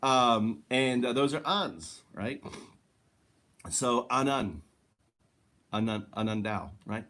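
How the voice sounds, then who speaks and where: A man talks on camera from inside his home in a loose, wandering monologue. He chuckles between thoughts and keeps checking in with the viewer with "right?" His voice sits at an ordinary middle pitch. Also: expressive, takes it slowly, pauses often, a bit bright. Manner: laughs often, tags lines with "right?". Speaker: vlogger. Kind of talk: rambling casual monologue. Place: his own house, indoors. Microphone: handheld camera.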